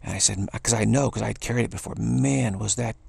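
Gravelly low-voiced man, earnest. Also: steady tone, darkish tone, no room sound. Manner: earnest, repeats key phrases, halting restarts. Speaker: spiritual speaker. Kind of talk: earnest spiritual talk monologue.

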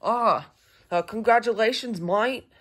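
A man's voice: high-pitched, measured pace, a bit bright, pitched above the performer's own voice. A man doing a chatty Easter Bunny. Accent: Australian (put on). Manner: rambling, says "mate", stumbles over words. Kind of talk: improvised toy role-play.

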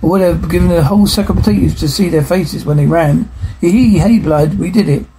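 A man's voice: a little high, quick pace. Man giving a noisy amateur script reading. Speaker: script reader. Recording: noisy home recording.

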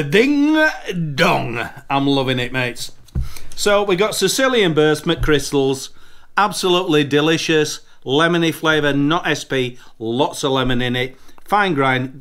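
A boisterous man with a slightly high voice, a bit tipsy and swearing freely. He chats loosely and jokes through a casual product review. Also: fairly bright tone. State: tipsy from drinking. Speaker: snuff reviewer, channel host.

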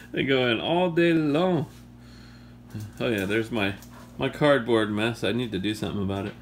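A man's voice: mid-range voice, sing-song, slow pace, long pauses, slight background noise. A man vlogging casually, playfully teasing his dog and laughing often. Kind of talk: casual vlog chat.

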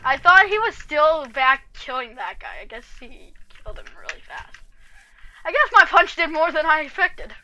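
A woman's voice: high voice, big pitch swings, moderate pace, pushed and bright, highs cut off. A woman giving cocky, trash-talking commentary over her own gameplay as host of a gaming channel.

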